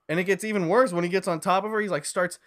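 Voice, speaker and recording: A young man co-hosting a casual anime podcast, recapping the plot in a relaxed way with lots of fillers. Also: sits high, quick pace. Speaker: podcast co-host. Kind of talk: casual anime review chat.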